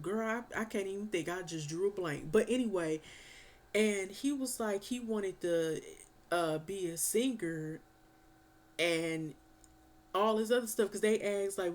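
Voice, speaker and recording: A woman chatting casually as a reviewer, animated and slangy, swearing and telling stories. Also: medium pitch, a little slow. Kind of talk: casual film review chat.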